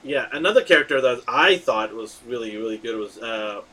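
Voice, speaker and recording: A man hosting a casual movie chat, excitable and rambling, with lots of fillers and restarts. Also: mid-range voice, brisk, rough recording. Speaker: podcast host.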